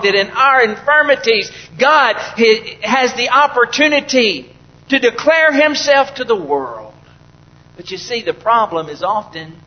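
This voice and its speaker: High-voiced man preaching a sermon. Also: dull audio, slight background noise. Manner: preaching with rising fervor, rhetorical questions to the congregation. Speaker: pastor.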